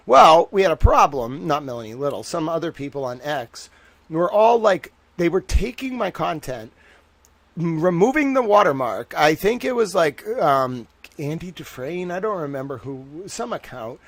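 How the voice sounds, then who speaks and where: Animated rambling male livestream host. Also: on the high side, moderate pace, no room sound. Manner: rambling and animated, reads chat aloud. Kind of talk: casual livestream chat.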